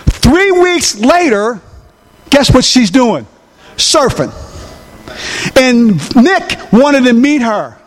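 A man preaching a sermon, telling a story with emphasis and asking the congregation questions. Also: very high voice.

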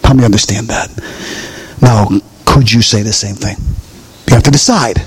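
A man preaching a chatty, conversational sermon as pastor in a church, swinging into high voices for quotes and asides. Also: normal speed, pauses often, breathy edge. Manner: animated, chatty, jumps to high voice for quotes and jokes. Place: church sanctuary.

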